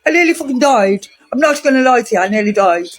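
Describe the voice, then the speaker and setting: Incredulous, very high-voiced man. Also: expressive, quick pace. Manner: incredulous, dramatic. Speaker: vlogger. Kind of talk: casual rant to camera.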